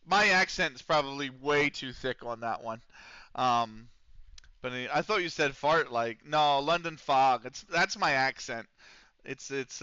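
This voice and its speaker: A man with a bright, crisp voice pitched a bit high, casually rambling through a live-stream of a football management game. He fills his talk with ums and throwaway swearing. The sound is dry and close but a little dull and lo-fi. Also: no echo. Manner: rambling and loose, with many fillers and casual swearing.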